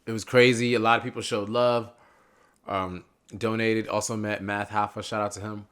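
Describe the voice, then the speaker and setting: A young man chatting as a podcast guest, animated and rambling, often drifting off on tangents. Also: lowish voice, moderate pace. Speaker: podcast guest, political candidate. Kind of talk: casual interview chat.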